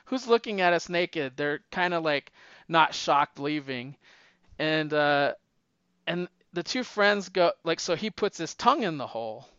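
A man casually retelling a movie plot, animated and acting out the characters' lines in raised voices. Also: a little high, measured pace, clear, resonant tone, no echo, lo-fi sound.

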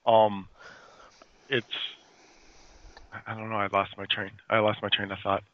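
A man's voice: lowish voice, completely flat delivery, measured pace, no echo. A man agreeing in casual chat and hesitating as he loses his train of thought, on a dull lo-fi recording.

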